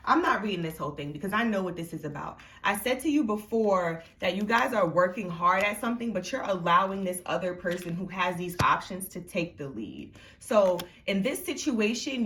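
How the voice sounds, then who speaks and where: A woman's voice: medium pitch, lively intonation, normal speed, hardly any pauses, a bit bright, distant mic. A young woman giving a casual tarot reading to camera, chatty and rambling with lots of fillers, her sinuses a little congested. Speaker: tarot reader. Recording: echoey room, mic set back.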